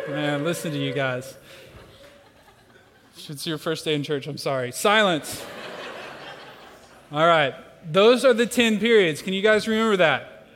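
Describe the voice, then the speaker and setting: High-voiced playful pastor man. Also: a bit bright, slight background noise. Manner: playful, joking, coaching a congregation through hand motions. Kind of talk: energetic church teaching with crowd participation. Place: church sanctuary with a large room. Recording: long hall reverb.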